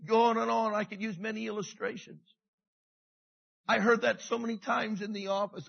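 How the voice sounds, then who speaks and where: A middle-aged man preaching a sermon with passion, dropping to a hush and rising again, repeating his phrases. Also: sits high, flat delivery, normal speed, creaky, dull audio. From Canada. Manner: passionate, swings from hushed to loud, repeats phrases. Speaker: pastor.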